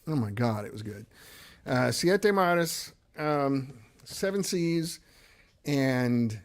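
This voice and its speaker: A man hosting a casual livestream, rambling and laughing as he reads viewer comments aloud. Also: fairly high pitch. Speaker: livestream host and guitarist.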